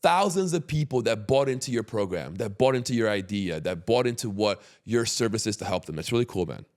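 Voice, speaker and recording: A man hosting a casual podcast conversation, talking emphatically and getting animated when he makes a point. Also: on the low side, fairly quick. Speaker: podcast host.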